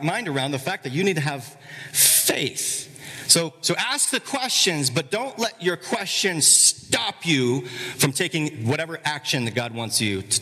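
A man preaching a sermon as pastor, telling the story in an animated way and acting out the characters. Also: on the high side, slightly rough, big-room sound.

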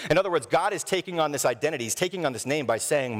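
A male pastor preaching a sermon, telling stories in an animated way. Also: on the high side, rapid-fire, hardly any pauses. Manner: storytelling, animated. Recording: long hall reverb.

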